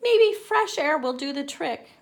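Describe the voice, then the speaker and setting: A weary mother pleads gently for some peace, as a woman reads her lines. Her voice rises and falls expressively, kept slow and patient. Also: high voice, animated, voice pushed up.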